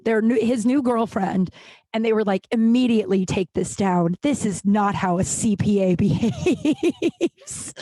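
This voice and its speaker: A woman's voice: mid-range voice, a little mellow, no echo. Candid rambling woman podcaster, dry close sound. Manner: rambling, candid storytelling with frequent laughs and fillers. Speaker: podcast host. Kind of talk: casual solo podcast chat.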